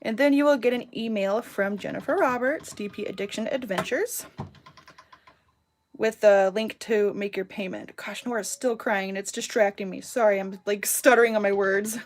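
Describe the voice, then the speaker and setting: A woman's voice: mid-range voice, normal speed. A woman in her thirties hosting a casual crafting livestream from home, rambling cheerfully and reading out viewers' names and comments as she works. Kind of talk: casual live-stream chat while crafting.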